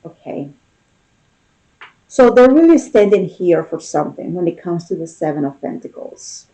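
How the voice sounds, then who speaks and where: A woman's voice: fairly low pitch, big pitch swings, normal speed, dark tone, poor audio. A woman giving a casual tarot reading, talking in a loose, conversational way and often checking in with "okay?" and "you know?". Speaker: tarot reader.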